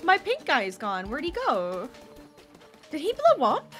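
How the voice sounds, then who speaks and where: A woman streaming a video game, chatting excitedly and reacting aloud to her viewers. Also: high-pitched, unhurried, soft background music. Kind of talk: casual gameplay commentary.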